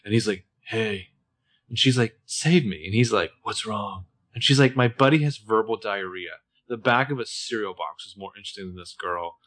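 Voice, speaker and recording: A man's voice: on the low side, normal speed, a bit bright. A man co-hosting a podcast, chatting casually as he recaps a TV episode and acts out bits of dialogue. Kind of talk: casual chat.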